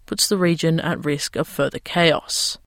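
Man reading news, high and dry. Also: dry recording. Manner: even, measured reading. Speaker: news reporter. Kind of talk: news voice-over.

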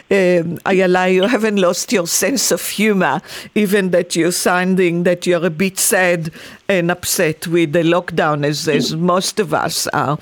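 A woman's voice: lowish voice, no echo. A woman hosting a radio interview, asking questions in an inquisitive, conversational way. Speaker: radio host.

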